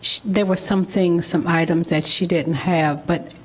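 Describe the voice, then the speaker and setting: A woman giving a public comment at a city meeting, speaking haltingly with many pauses and restarts. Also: fairly low pitch, fairly even intonation, breathy edge. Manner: halting, full of ums and restarts. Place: city council meeting room.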